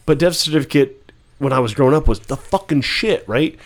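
A man's voice: a little high, brisk. A man talking casually on a podcast, rambling with lots of fillers, restarts and swearing. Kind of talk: casual podcast chat about rap albums.

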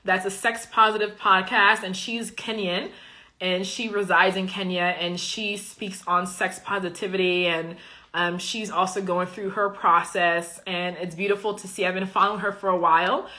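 A woman's voice: medium pitch, fairly even intonation, normal speed, sharp tone. A Liberian-born woman who works as a coach, chatting casually while answering viewer comments, chatty and emphatic. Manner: chatty, emphatic, often says "okay?". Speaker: coach and live-stream host.

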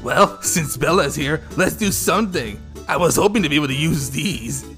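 A man voicing a boisterous, joking big vampire man who rattles off quick, teasing lines in a fan story reading. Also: on the high side, expressive, fairly bright tone, faint music behind, pitched above the performer's own voice. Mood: jokey. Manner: fast, jokey, teasing.

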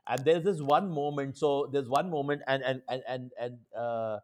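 A man telling stories with enthusiasm in casual chat, with many halting restarts and fillers. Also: medium pitch, a little mellow.

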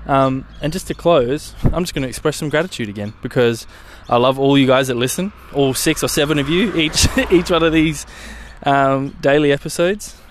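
A young male podcast host talks loosely and chattily in a casual solo show, rambling in a relaxed way and swearing casually. His mid-range voice moves at a moderate pace with hardly any pauses. Light traffic hum from outdoors sits in the background.

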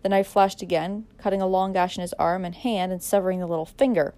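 A woman narrating a dramatic audiobook in a measured way, pressing harder in tense moments. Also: lowish voice, steady tone, warm tone.

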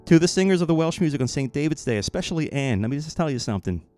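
A man hosting a podcast, giving a run of friendly, jokey thank-yous and shout-outs in an upbeat, chatty way. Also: fairly high pitch, animated, very fast, no echo, soft background music. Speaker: podcast host.

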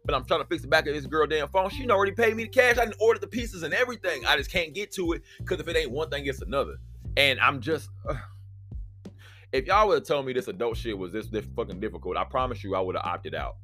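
A man's voice: on the high side, expressive, quick pace, sharp tone, soft background music. A man hosting a solo podcast, telling a story in a profane, exasperated rant. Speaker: podcast host.

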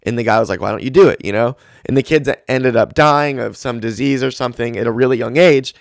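Gravelly man ranting on a podcast. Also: medium pitch, brisk, no echo, studio quality. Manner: ranting, candid, rambling. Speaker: podcast host. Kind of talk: casual solo podcast rant.

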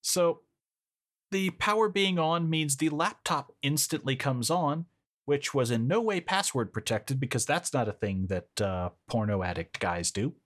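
Man, podcast co-host, animated sing-song delivery, sardonic, laughs a lot. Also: medium pitch, measured pace. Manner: lively, sardonic, laughs often. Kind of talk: casual movie-recap chat.

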